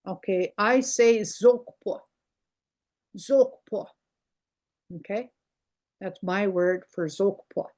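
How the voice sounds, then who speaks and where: Slow, patient older woman teaching words. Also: mid-range voice, darkish tone. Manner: slow, repeats words carefully, explaining pronunciation. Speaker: language teacher. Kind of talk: online language lesson.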